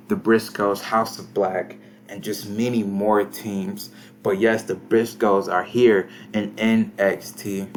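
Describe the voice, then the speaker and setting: A man's voice: fairly low pitch, slight background noise. Laid-back young man reading game scores. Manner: laid-back, slangy, reads scores aloud. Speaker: gaming commentator. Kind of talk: casual game commentary.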